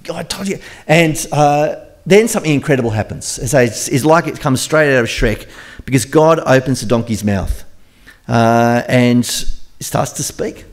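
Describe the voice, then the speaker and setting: A man's voice: medium pitch, unhurried. A man preaching a conversational sermon, retelling a story in a chatty, joking way.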